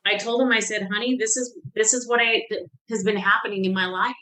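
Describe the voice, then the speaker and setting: A woman's voice: a little high, fast, low-quality recording. A woman in her fifties, a podcast guest, openly telling a personal life story with feeling, often restarting her sentences. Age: 50s. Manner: emotional, animated when reliving moments, frequent restarts.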